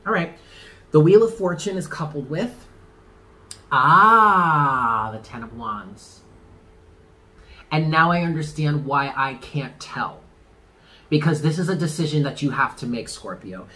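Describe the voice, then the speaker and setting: A man giving a casual tarot reading to the camera, talking in an animated, slangy way with swearing and laughs. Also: fairly high pitch, a little slow, long pauses. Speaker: tarot reader.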